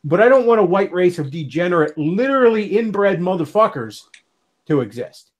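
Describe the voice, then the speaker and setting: A man's voice: sits high, very animated, moderate pace. An American man hosting a livestream, ranting heatedly with constant swearing and sarcasm. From United States. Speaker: livestream host. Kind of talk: ranting casual monologue.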